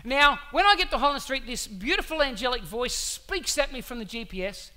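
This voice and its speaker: A man preaching a sermon, telling a story in an animated way with asides to the congregation. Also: very high voice, brisk. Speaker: pastor.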